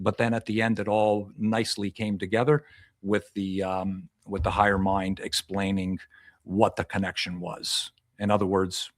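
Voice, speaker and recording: Male hypnotist guest, low voice, explanatory, self-repeating; close, dry sound. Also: no echo. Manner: explanatory, repeats and restarts phrases. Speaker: past life regression hypnotist. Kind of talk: podcast interview guest.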